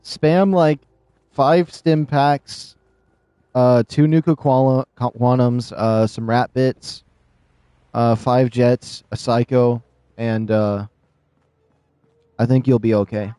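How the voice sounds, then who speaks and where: A man's voice: medium pitch, fairly even intonation, takes it slowly, long pauses, dark tone, smooth, no room sound, clean studio sound. A man streaming a video game live, chatting casually and rambling, often laughing, on a desk microphone. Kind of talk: casual live gameplay commentary.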